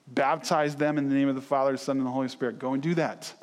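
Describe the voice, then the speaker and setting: A man preaches in a relaxed, conversational way, slipping into lively quoted voices as he tells stories. His voice sits mid-range and rings through a church sanctuary with a long reverb tail. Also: mid-range voice, fast talker, hardly any pauses. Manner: conversational, storytelling, animated acted quotes. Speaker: pastor. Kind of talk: sermon.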